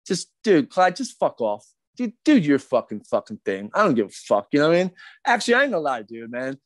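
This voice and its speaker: A man's voice: on the high side, sing-song, a little fast, dry recording. A middle-aged man, a skateboarder guest on a podcast, ranting heatedly with lots of swearing and repeated fillers. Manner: profane, fired up, repetitive fillers.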